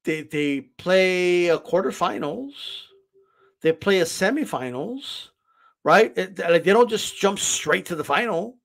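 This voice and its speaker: Man, reaction host, argumentative, high and animated delivery. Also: measured pace, vocal fry. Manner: argumentative, keeps repeating "right?". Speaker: channel host reacting to a clip. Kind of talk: heated reaction commentary.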